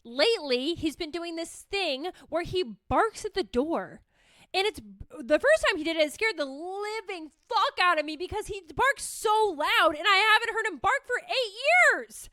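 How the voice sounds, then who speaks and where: A woman's voice: very high-pitched, animated, normal speed, sharp tone, no room sound, clean studio sound. A woman hosting a casual solo podcast, telling rambling comic stories and swearing freely. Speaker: podcast host.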